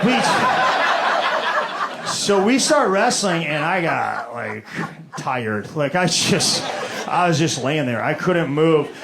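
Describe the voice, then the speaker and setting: A man with a Southern US accent doing a stand-up set, telling stories in a deadpan, drawling way on a theater stage. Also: a little high, gravelly. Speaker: stand-up comedian. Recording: echoey live venue, loud room noise.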